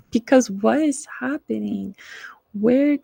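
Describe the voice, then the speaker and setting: A woman's voice: a little high, slow, gravelly, warm tone, no echo. A woman hosting a live stream, chatting casually and rambling with lots of fillers as she searches for things. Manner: frustrated, rambling, many fillers.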